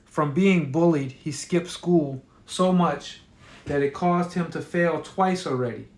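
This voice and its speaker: A man's voice: fairly high pitch, slow. A man reading his own horror story aloud in a casual storytelling manner, with occasional fillers. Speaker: author. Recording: roomy echo.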